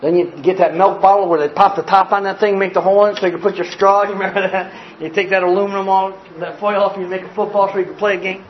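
Male preacher, high tenor, animated folksy storyteller; muffled live capture with a faint room hum. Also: quick pace, hardly any pauses. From grew up poor in a small family. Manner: animated, folksy storyteller who acts out scenes. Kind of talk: storytelling sermon.

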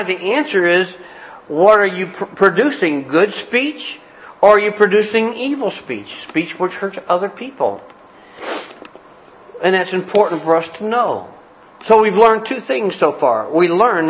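A man's voice: high-pitched, animated, normal speed, lo-fi sound. A man preaching a sermon in a folksy, joking way, repeating his key phrases. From Cleveland, Ohio. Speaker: pastor.

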